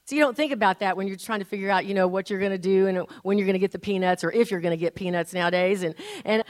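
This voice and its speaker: An older woman preaching a sermon, folksy and animated, laughing at her own stories. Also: medium pitch, fast talker, hardly any pauses. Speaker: pastor.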